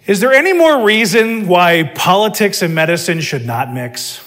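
A man's voice: high-pitched, expressive, normal speed, a bit bright. A man preaching a sermon, emphatic and full of rhetorical questions.

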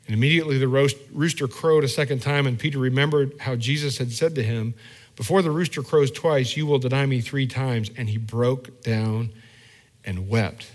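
A man's voice: on the high side, fairly quick, a bit bright. A male pastor giving a conversational sermon, often restarting and repeating words as he thinks aloud.

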